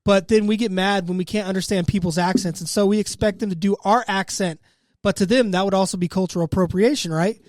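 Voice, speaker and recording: A young man co-hosting a podcast, in animated, joking casual chat. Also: sits high, dry recording, studio quality. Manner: animated, joking, quick to put on silly voices. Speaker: podcast co-host.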